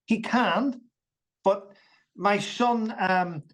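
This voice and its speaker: A man with a fairly high voice, talking on a podcast as a veteran guest. He speaks frankly, stops and restarts often, and repeats his words. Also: very slow. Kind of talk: casual podcast chat.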